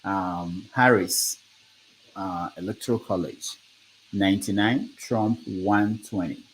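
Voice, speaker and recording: A man's voice: deep voice, steady tone, slow, low-quality recording. A man hosting a casual live discussion who laughs often and reads out results as they come in. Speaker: host. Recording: faint background noise.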